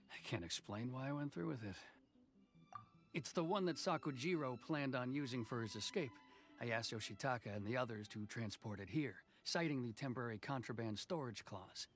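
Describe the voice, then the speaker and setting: A man's voice: mid-range voice, expressive. A man voicing a reserved, dry-witted official in a game. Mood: restrained. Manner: measured and restrained, with a dry wit. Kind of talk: game dialogue.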